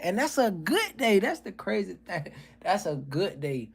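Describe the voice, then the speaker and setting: A man's voice: high voice, animated, moderate pace, vocal fry, few pauses. A man hosting a livestream, talking casually and working through comedy bits in a profane, ranting way. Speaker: livestream host.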